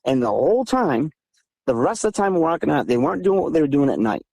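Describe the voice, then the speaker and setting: Talking fast in a gravelly voice, a man in his thirties from southeastern Massachusetts phones into a casual storytelling interview to recount encounters. His retelling is animated and emphatic, rising higher when heated, and the recording is dry.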